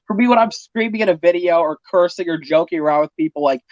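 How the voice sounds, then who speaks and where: A man's voice: fairly high pitch, fast talker, dry recording, dull audio. A man chatting casually on a stream, talking emphatically with lots of fillers. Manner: emphatic, filler-heavy rambling. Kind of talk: casual chat.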